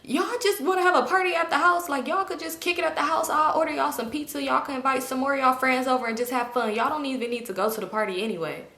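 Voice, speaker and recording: A woman's voice: high voice, quick pace, hardly any pauses, bright, forceful tone, echoey room. A woman voicing a strict, overprotective middle-aged father who rambles and lectures. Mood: lecturing. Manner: preachy, rambling.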